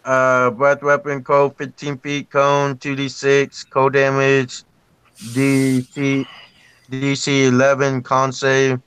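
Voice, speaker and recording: Man, game player, monotone, clear voice, dry sound. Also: mid-range voice, takes it slowly, no echo. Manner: unsure, checking rules. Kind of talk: tabletop game play.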